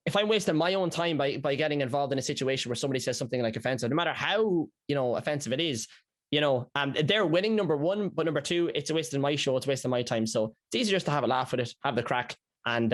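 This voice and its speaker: An Irish streamer appears as a guest on a podcast, telling stories in casual chat packed with slang and swearing. He's an animated storyteller with a mid-range voice and a quick pace.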